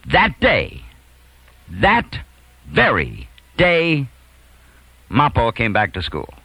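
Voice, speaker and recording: Animated New male storyteller. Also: medium pitch, dry recording, poor audio. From New York. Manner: animated, chuckling, big swings from quiet to loud. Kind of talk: comic anecdote told to an audience.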